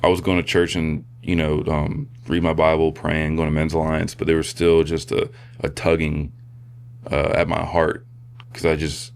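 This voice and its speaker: A man, a podcast guest, sharing a personal testimony in a halting, soft-spoken way with many fillers and restarts. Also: a bass voice, flat delivery, creaky, clear, resonant tone. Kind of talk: personal testimony in casual conversation.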